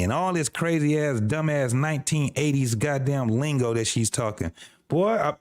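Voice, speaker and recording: A man's voice: mid-range voice, normal speed, a little mellow, dry recording, clean studio sound. A man hosting a podcast, reacting to video clips with exasperated, profane ranting.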